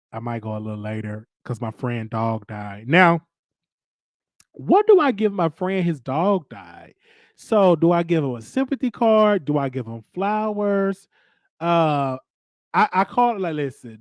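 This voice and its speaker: A man's voice: a little high, no room sound. A young adult man from Chicago with a Chicago accent, hosting a casual solo chat, rambling and stammering as he repeats himself. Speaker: show host.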